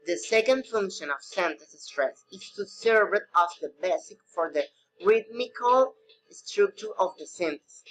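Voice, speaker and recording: A man teaching a recorded English pronunciation lesson, reading slowly with non-native phrasing. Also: high-pitched, lively intonation, a bit bright, rough recording.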